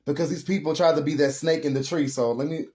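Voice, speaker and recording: A man's voice: fairly high pitch, steady tone, fast talker, warm tone. Earnest man giving a tarot reading. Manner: earnest, emotional, rambling; addresses viewers as y'all. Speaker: tarot reader. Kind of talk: casual spiritual tarot reading.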